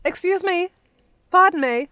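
A woman's voice: very high voice, measured pace, a crowd in the background. A woman voicing a prim, bookish, skeptical young woman in a put-on accent that keeps shifting. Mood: polite.

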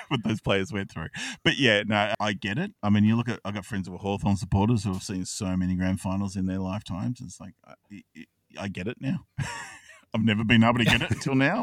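A man in his thirties with an Australian accent, an excitable podcast co-host who tells a long story, swears and laughs often. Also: lowish voice, dry recording, distant mic. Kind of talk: casual chat.

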